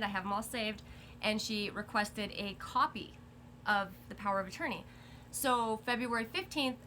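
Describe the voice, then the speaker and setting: A woman's voice: mid-range voice, pushed and bright, a little hiss or hum. A woman telling her family's story in a casual conversation, indignant and rattling off dates and events.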